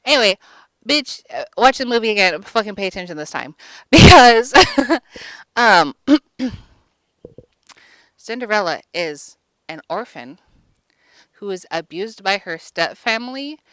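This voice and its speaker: Woman vlogger, crude rambling comic recap, bright and clear. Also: mid-range voice, lively intonation, measured pace, pauses often, dry recording. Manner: crude, rambling, lots of fillers. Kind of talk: casual comedic movie recap.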